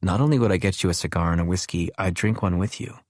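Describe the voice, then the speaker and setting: Male reader doing a brisk, teasing young nurse type, low and dry. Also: no echo. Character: plainspoken young woman caregiver, teasing and kind.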